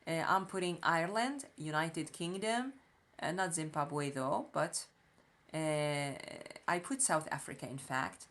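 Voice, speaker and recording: A woman's voice: sits low, a little slow, a bit bright. Woman thinking aloud in a screen tutorial. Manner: thinking aloud, frequent fillers and restarts. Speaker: online marketing instructor. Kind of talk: screen-share tutorial walkthrough.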